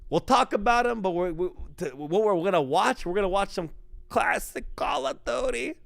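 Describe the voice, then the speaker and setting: A man doing a loud, brash accented hype guy. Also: high voice, expressive, vocal fry, no room sound, voice pushed up, heavily acted. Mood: mock stern. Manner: loud, drawn-out put-on accent. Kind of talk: live esports stream commentary.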